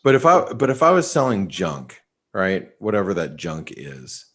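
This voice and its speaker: A man's voice: sits low, big pitch swings, normal speed, fairly bright tone, breathy edge. A man hosting a trading webinar, talking casually with many restarts and fillers over a call mic. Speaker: market analyst host.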